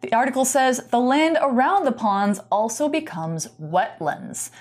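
A woman's voice: fairly high pitch, animated, measured pace. A woman teaching English vocabulary, explaining patiently with casual fillers. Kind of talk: explaining vocabulary in a bilingual lesson.

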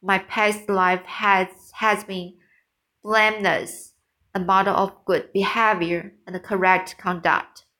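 A proud male trumpeter swan from a storybook, torn by guilt over what he has done for his son, as a woman reads him aloud. He speaks slowly and earnestly, stumbling and repeating words as he goes. The voice sits at an ordinary middle pitch. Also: level tone, bright, forceful tone. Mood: remorseful.

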